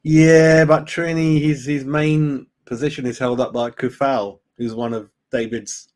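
A man's voice: medium pitch, flat delivery, a little slow, a little mellow. A man hosting a casual fan live stream, chatting loosely, greeting viewers by name and saying "mate" a lot. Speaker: fan channel host.

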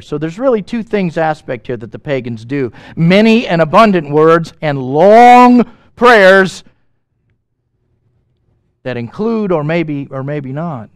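A man preaching a sermon as pastor, animated and emphatic, asking the congregation questions and making quick asides. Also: high-pitched, no room sound.

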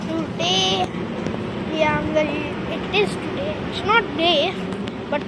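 A woman's voice: extremely high pitch, fairly even intonation, slow. A woman narrating a casual walking vlog outdoors by the sea, eagerly repeating words as she points things out to her phone camera. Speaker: vlogger. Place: outdoors by the sea and a busy street. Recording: loud outdoor noise.

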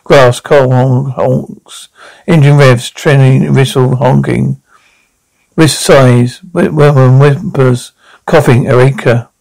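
A man's voice: mid-range voice, little pitch movement, slow, creaky, darkish tone, no room sound, rough recording. A man reading out an audio drama, including its sound cues, in a plain, matter-of-fact way. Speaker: narrator and sole reader.

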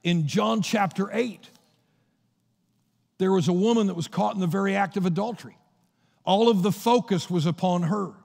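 A man's voice: sits high, normal speed, vocal fry, long pauses, a little mellow. A man preaching a sermon as pastor, retelling Bible scenes in a storytelling way, recorded in a church sanctuary with a long reverb.

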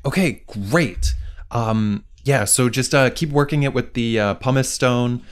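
Awkward salesman played by a man, fumbling, stumbling over names, mid-pitched, improv comedy scene. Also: a little slow, smooth, lightly acted. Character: awkward male bathtub product salesman.

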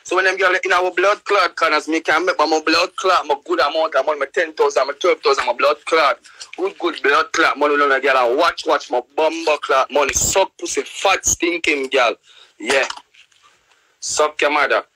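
A young man with a Jamaican accent, live-streaming a profane, loud-mouthed rant in patois. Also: on the high side, fairly even intonation, moderate pace, low-quality recording. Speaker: livestreamer.

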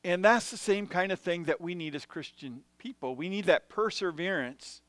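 A man preaching a church sermon, telling animated personal stories and chuckling between anecdotes. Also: high-pitched, normal speed, dry recording. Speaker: pastor. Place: church sanctuary.

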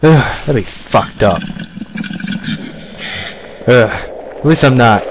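A young man talking through a game in character, swearing and sarcastic with sudden excited outbursts. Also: medium pitch, slow, pauses often. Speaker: gamer playing a paranoid character. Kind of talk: in-character gameplay commentary. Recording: game gunfire noise behind voice.

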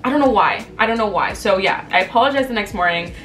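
A woman in her twenties talking to camera in a casual, candid way, storytelling and acting out quoted lines with lively energy. She sits a bit back from the microphone. Soft music plays faintly underneath. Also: mid-range voice, fast talker, far from the mic. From Canada. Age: 20s. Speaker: vlogger.

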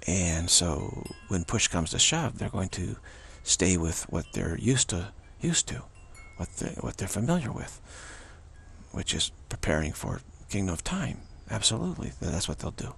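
Gravelly low-voiced man teaching spirituality. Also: expressive, unhurried, a bit bright. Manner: rambling and repetitive, with frequent restarts. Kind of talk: unscripted spiritual teaching monologue.

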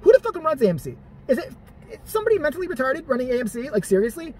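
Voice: high voice, very animated, rapid-fire, darkish tone, a little hiss or hum. A vlogger ranting in profane, sarcastic, exasperated commentary.

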